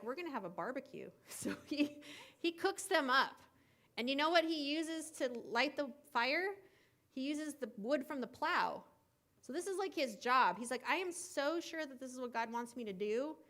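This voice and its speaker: Chatty woman retelling a Bible story to kids. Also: on the high side. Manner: chatty and animated, with asides and filler words. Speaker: kids camp Bible teacher.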